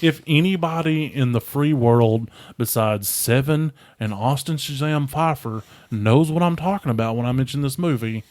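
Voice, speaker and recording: A man co-hosting a casual podcast chat, enthusiastic and quick to laugh as he recounts a movie. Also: mid-range voice, darkish tone, dry recording, studio quality. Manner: enthusiastic, laughs often, acts out movie lines. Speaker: podcast co-host.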